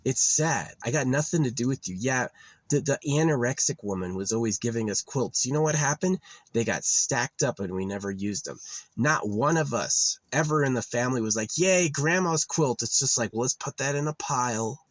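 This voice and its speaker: A man's voice: mid-range voice, normal speed, dry recording. A young man vlogging in a rambling, digressive monologue that drifts into rants, full of fillers.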